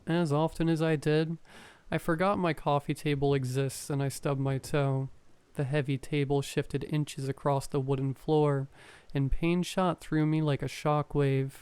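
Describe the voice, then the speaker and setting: A man reading a first-person horror story aloud, calm and measured as a storyteller. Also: fairly high pitch, smooth, dry recording.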